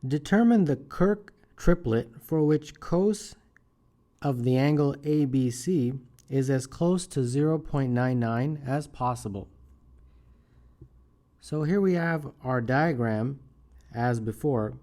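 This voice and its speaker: A man's voice: mid-range voice, takes it slowly, dark tone. A man teaching a math contest solution step by step, thinking aloud and often checking in with "right?". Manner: thinks aloud while working problems, often adds "right?". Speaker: math tutor. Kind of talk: screencast math tutorial.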